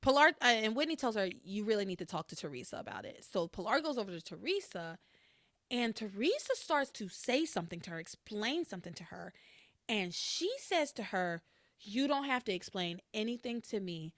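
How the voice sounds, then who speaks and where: A woman hosting a podcast, recapping in casual chat and acting out quoted lines with big jumps in pitch. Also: very animated, a little fast, a bit bright, no room sound, clean studio sound. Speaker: podcast host.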